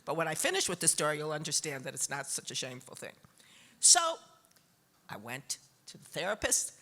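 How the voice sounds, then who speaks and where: An older woman on stage telling a personal story in an expressive way, often laughing as she goes. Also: low-pitched, a little fast. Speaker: honored guest interviewee. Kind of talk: animated anecdote on stage.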